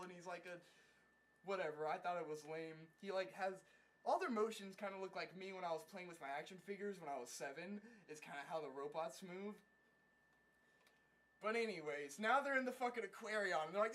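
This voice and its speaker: Brief: man with an unusually high voice, mocking cartoon recap, swears a lot, rambles. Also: fairly quick, fairly bright tone. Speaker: anime reviewer. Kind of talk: casual comedic episode recap.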